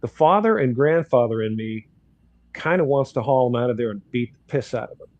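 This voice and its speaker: A man's voice: medium pitch, expressive, brisk, darkish tone, dry recording, highs cut off. An older man, a grandfather, bluntly telling a story in casual talk and acting out the dialogue. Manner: blunt, outspoken, acts out dialogue in quotes. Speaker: guest commentator.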